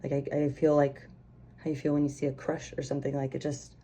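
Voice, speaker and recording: A woman's voice: rumbling low, little pitch movement, quick pace, warm tone. A young woman giving a casual pick-a-card tarot reading, chatty and rambling, with lots of fillers and restarts. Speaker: tarot reader.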